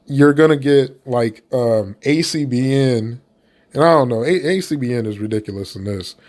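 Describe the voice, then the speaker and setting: A man's voice: medium pitch, normal speed, a little mellow. Blunt, profane man with a mid-range voice. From United States. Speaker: commentator. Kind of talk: casual opinion commentary.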